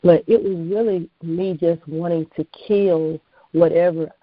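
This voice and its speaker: A woman's voice: on the low side, steady tone, unhurried, dry recording. An American woman, a guest author and minister, giving earnest personal testimony on a call-in show. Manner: earnest, preacherly, plainspoken. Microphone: phone. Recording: dull dry phone line.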